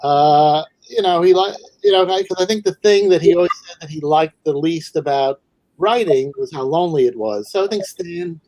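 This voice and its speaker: A man's voice: on the high side, a little mellow, no room sound, rough recording. Thoughtful man in a dry close recording. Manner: thoughtful, halting with fillers. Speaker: guest, comics writer and editor. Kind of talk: casual interview chat.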